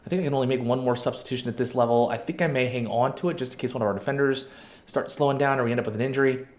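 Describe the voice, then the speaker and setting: A man hosting a let's-play, commentating a match with excitable outbursts, shouting at his players and correcting himself. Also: medium pitch, very fast. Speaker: video game channel host.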